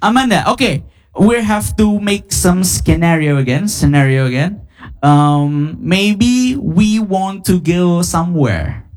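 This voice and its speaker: A woman hosting a bilingual English lesson in a playful, animated way. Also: lowish voice, slow. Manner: animated, code-switching, playful. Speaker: event host.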